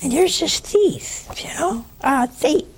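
A woman's voice: high voice, slow pace, a little hiss or hum. A woman preaching a sermon, teasing her listeners and acting out the people in her stories. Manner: teasing, animated storytelling with quoted voices. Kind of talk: sermon with storytelling.

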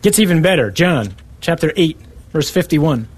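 A man delivers a sermon, reading passages aloud and pressing each point with emphatic, repeated rhetorical phrases. His voice sits a little above the usual male pitch. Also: lively intonation, moderate pace, husky. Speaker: preacher.

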